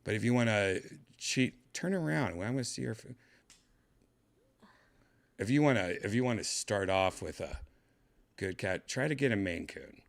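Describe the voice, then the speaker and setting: A man's voice: lowish voice, animated, moderate pace, creaky, long pauses. A man hosting a casual home vlog, rambling in a laid-back way while showing his cats in a room at home. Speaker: host showing his pets.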